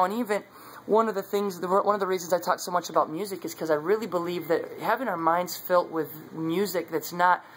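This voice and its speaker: A man's voice: high voice, a bit bright, slight background noise, rough recording. A man sharing his faith in a casual devotional talk, earnest and conversational, recorded on a phone. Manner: earnest, conversational, many fillers.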